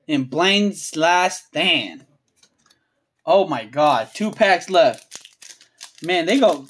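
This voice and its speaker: A channel host opening trading card packs on camera, calling out each card and getting loudly excited and cursing at big pulls. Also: mid-range voice, slightly rough. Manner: excitable, swears freely, yells at big pulls; drawn-out, emphatic phrasing between muttered card lists. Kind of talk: hyped pack-opening vlog commentary.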